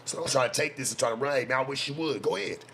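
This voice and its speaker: Blunt, profane man with a bright, forceful voice. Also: medium pitch, rapid-fire. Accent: American West Coast street. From West Coast of the United States. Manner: blunt, profane street talk, repeats himself for emphasis. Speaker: streamer and self-styled life coach. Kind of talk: casual livestream rant.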